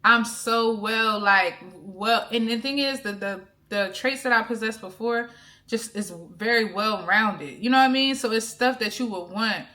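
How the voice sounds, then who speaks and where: A woman, giving an excited, emphatic faith testimony to her camera from her bedroom, often repeating herself. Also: medium pitch. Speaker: faith vlogger. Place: bedroom with pillows behind her.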